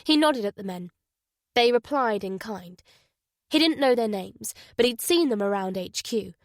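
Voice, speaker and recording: A woman reading a thriller audiobook in an even, measured narration. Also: a little high, dry recording, studio quality. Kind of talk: scripted narration.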